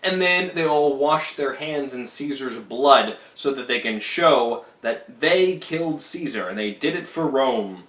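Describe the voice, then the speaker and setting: A man retells a play in a casual lecture style, with lively swings of pitch and playful voices for the characters' lines. His voice sounds roomy and echoey. He stands a little away from the microphone. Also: unhurried, hardly any pauses, far from the mic. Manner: animated, slips into silly character voices for quoted lines. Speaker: literature teacher summarizing a play. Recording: echoey room, voice a bit off-mic.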